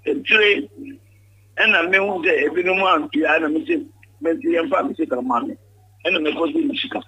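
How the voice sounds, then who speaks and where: Older Ghanaian man as interview guest: husky, bright, emphatic, repeats himself, dry close recording. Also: on the high side, normal speed, no room sound, muffled recording. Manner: emphatic, repeats words when pressed. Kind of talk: candid interview.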